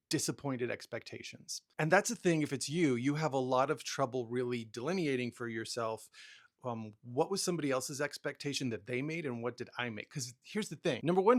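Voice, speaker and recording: A man with a gravelly, fry-edged voice at a middle pitch talks through personal advice in a casual monologue. He tells stories about himself candidly and self-deprecatingly, often restarting his sentences. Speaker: podcast host.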